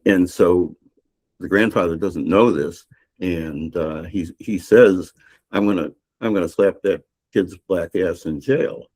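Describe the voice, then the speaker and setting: Older male author, very low voice, meandering storyteller, podcast guest. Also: darkish tone. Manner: rambling storyteller with many restarts and fillers. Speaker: novelist guest. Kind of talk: retelling a novel's plot in a podcast interview.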